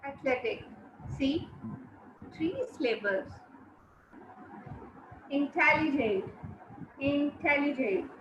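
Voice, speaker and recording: A woman teacher, giving an online class, repeating words and syllables slowly and giving brisk commands to students. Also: sits high, noisy background. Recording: roomy, slightly dull sound.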